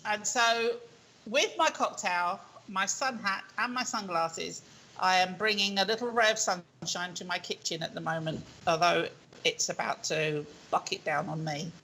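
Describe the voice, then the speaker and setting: A woman's voice: on the low side, unhurried, sharp tone, slight background noise, rough recording. A middle-aged woman hosting a casual live video chat from her kitchen, talking in a chatty way, laughing and stumbling over her words. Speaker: host. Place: home kitchen. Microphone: webcam on a video call.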